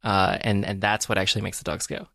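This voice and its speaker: A man's voice: fairly low pitch, completely flat delivery, fast, creaky, bright, forceful tone, no echo, clean studio sound. A man chatting casually on a podcast, rambling and wry, often chuckling between phrases. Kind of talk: casual chat.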